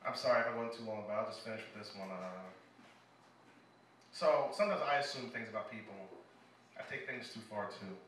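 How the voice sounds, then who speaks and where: A man's voice: lowish voice, fairly quick, pauses often, fairly bright tone. A man from Illinois doing a live stand-up set in a small club, telling loose, profane stories and laughing at his own jokes. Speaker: stand-up comedian. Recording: echoey club, mic from a distance, noisy.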